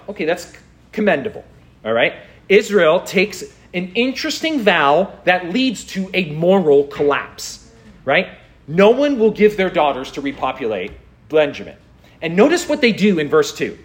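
A man pastor preaching a sermon, reading scripture aloud and pressing his point with incredulous rhetorical questions. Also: on the high side.

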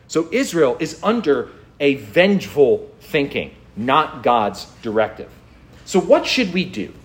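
A man's voice: on the high side, sing-song, measured pace. A man pastor preaching a sermon, reading scripture aloud and pressing his point with incredulous rhetorical questions.

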